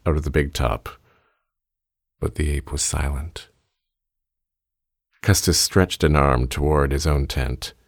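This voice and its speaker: Very deep, gravelly male narrator. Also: no echo, clean studio sound. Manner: measured, steady storytelling. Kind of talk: audiobook reading of fiction.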